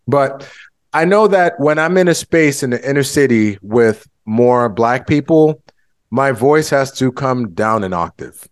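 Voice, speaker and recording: A man from the United States hosts an interview podcast, speaking thoughtfully and expressively. His voice sits at a middling pitch but shifts up and down to make a point. The recording is close and dry, with no room sound. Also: no echo. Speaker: podcast host. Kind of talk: conversational interview.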